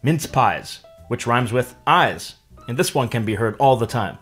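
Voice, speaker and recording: Guy teaching a language lesson, scripted and clear, draws out the example words, faint music behind. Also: medium pitch, expressive, fairly bright tone. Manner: clear explanatory delivery, stretches example words slowly.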